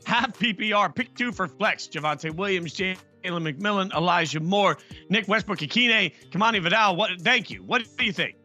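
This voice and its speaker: A man's voice: high-pitched, lively intonation, normal speed, hardly any pauses, bright, forceful tone, faint music behind. A man hosting a fantasy football show in a playful, joking way. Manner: jokey, playful. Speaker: host.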